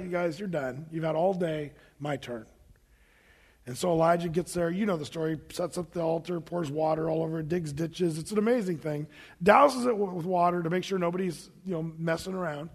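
Male pastor, sermon delivery, husky and gravelly, long hall reverb. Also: high-pitched. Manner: animated storytelling with asides.

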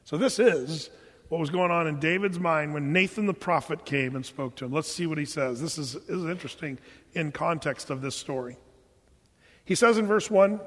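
A man preaching with a high, lively voice that carries through the long reverb of a church hall. He teaches with animated joking asides and acts out the quotes he reads. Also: moderate pace. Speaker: pastor. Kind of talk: sermon.

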